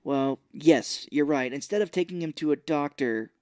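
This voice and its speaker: A man's voice: a little high, moderate pace, darkish tone, clean tone, dry recording, studio quality. A man co-hosting a podcast, casually recapping a movie's plot and acting out the characters' lines. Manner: retells scenes, acting out quoted lines. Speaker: podcast co-host. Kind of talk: casual film recap chat.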